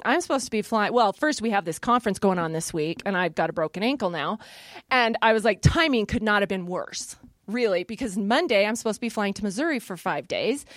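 Lively storytelling woman, dry close sound. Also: a little high, no room sound. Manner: lively, self-deprecating storytelling with animated quoted asides. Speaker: speaker sharing a personal story. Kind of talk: personal testimony talk to an audience. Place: in front of a live audience.

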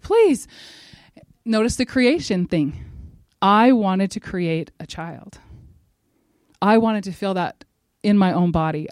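A middle-aged woman giving a religious devotional talk, telling a personal story in a lively way and speaking straight to her listeners. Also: fairly low pitch, no echo, clean studio sound. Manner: animated storyteller who acts out quotes and speaks directly to her listeners.

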